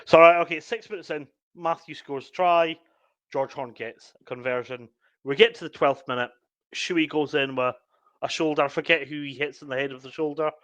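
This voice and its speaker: A man's voice: on the high side, normal speed, fairly bright tone, dry recording. A man, co-hosting a casual podcast and walking through match moments step by step. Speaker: podcast co-host. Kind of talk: casual sports chat.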